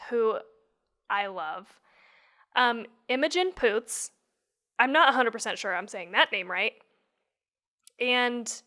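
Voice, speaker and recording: A woman co-hosting a podcast chats casually and laughs often, sometimes unsure how to pronounce names. Her voice is on the high side with a sharp tone.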